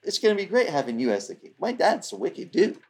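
A man's voice: sits high, big pitch swings, quick pace, darkish tone, slight background noise, voice pushed up. A man voicing a young prince happily cheering on his best friend. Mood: eager.

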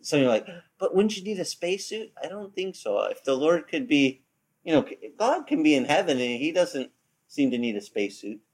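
A man giving an informal Bible teaching, animated and repetitive, acting out the voices he quotes. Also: mid-range voice, moderate pace. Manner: animated, acts out quoted voices, many restarts. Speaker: pastor.

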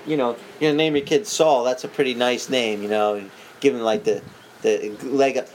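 A man preaching a sermon, telling the story in a lively, joking way, with frequent restarts. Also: medium pitch, normal speed, a little hiss or hum, low-quality recording. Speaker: pastor.

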